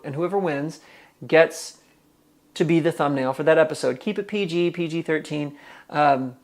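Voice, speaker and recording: With a fairly high-pitched voice, a man runs a live cooking stream from his home kitchen. He chats casually, reads viewers' comments out loud, and thinks aloud as he cooks.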